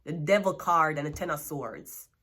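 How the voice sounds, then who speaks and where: A woman's voice: sits low, moderate pace, fairly bright tone. A Jamaican woman giving a tarot reading, blunt and scolding, with plenty of swearing. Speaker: tarot card reader.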